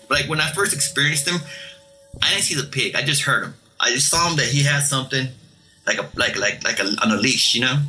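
A man calling in to tell a ghost story in a casual, halting way, often repeating words and restarting sentences. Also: lowish voice, sharp tone, poor audio. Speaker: caller telling ghost stories.

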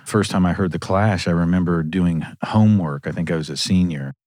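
A man hosting a casual conversation, animated and laughing as he tells long anecdotes about his music days. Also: low voice, a little fast, dry recording, studio quality.

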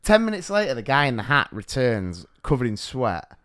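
A man's voice: mid-range voice, brisk, clean tone. A man, co-hosting a podcast and telling stories with lots of laughter and acted-out quotes. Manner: animated storyteller, acts out quotes, laughs a lot. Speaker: podcast co-host, teacher. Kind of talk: casual chat, storytelling.

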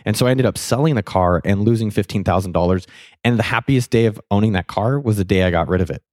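A young adult man telling a candid, self-mocking story in a casual monologue, swearing freely and turning animated at key moments. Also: lowish voice, quick pace, dry recording, studio quality. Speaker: vlogger telling a personal money lesson.

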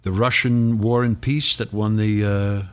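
A man's voice: on the low side, steady tone, measured pace, smooth, soft background music. An older man, a guest actor, reminiscing in a casual interview, rambling through stories and chuckling often.

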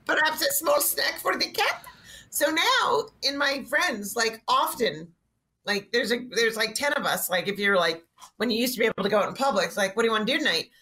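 A woman's voice: mid-range voice, quick pace, bright, forceful tone, slight background noise. A woman guest telling a funny anecdote in a chatty way, acting out the voices of the people in it. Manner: chatty, acts out voices in story. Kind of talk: comedic anecdote.

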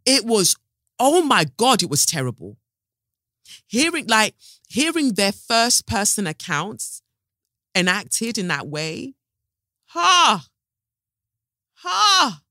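A woman speaks in an impassioned podcast monologue, swearing and hammering her points home through repetition before slowing into reflective, thinking-aloud stretches. Her voice is bright and forceful, recorded dry and close with no room sound. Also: medium pitch, big pitch swings, no room sound. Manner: angry, swearing, emphatic repetition. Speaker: podcast host.

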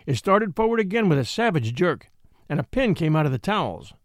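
Man reading a story aloud, high voice, swings all over, dry close sound. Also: big pitch swings, fairly quick, no room sound. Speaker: narrator. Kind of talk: dramatic audiobook narration.

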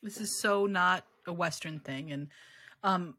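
A woman in her forties with a lowish voice that still sounds bright and edgy, with a husky grain. She talks frankly and candidly, throwing in wry asides, and the sound is dry and close. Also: measured pace, no room sound. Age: 40s. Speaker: author and parenting guest. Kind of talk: casual conversational interview.

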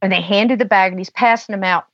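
A woman's voice: mid-range voice, steady tone, quick pace, fairly bright tone. Chatty woman telling a story, dull sound. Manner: chatty, lots of filler "you know". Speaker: podcast guest. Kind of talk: casual storytelling.

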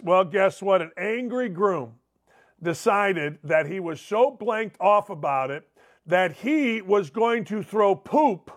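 A man hosting a talk show, riffing through odd news stories in a loose, joking monologue with loud outbursts and low asides. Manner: animated, jokey, swings between loud outbursts and low asides. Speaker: sports talk show host. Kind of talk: casual monologue.

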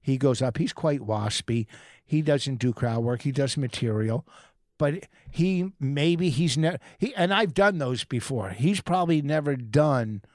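A man's voice: medium pitch, lively intonation, unhurried, darkish tone, no room sound, studio quality. A male comedian co-hosting a podcast, swearing and talking over his co-host as he insists on finishing his story. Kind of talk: argumentative podcast banter.

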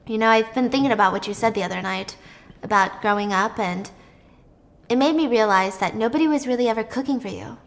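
A woman voicing a smooth, flirtatious man with a sinister charm, in her own voice and quick. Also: on the high side.

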